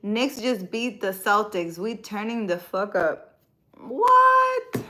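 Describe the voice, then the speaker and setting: A woman's voice: mid-range voice, unhurried, fairly bright tone, rough recording. Chatty woman hosting a spiritual livestream. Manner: playful and teasing, then earnest and instructive. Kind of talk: casual livestream chat reading viewer comments.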